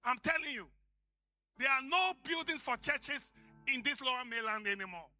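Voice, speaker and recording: African pastor guy preaching hard, shouts to make his point, super bright tense voice. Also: very high voice, lively intonation, moderate pace. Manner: impassioned, shouting for emphasis. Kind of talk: preaching a sermon.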